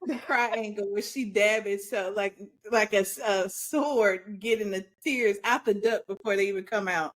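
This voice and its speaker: A middle-aged woman co-hosts a casual podcast, giving blunt opinions with a joking edge and frequent laughter. Her voice is of middling pitch for a woman. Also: moderate pace, hardly any pauses. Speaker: podcast co-host. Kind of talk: casual chat.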